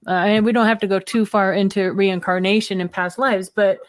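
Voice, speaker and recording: A woman's voice: medium pitch, fairly even intonation, moderate pace, no room sound. Female co-host, conversational and thoughtful, mid-range voice, dead-dry sound. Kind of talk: interview hosting.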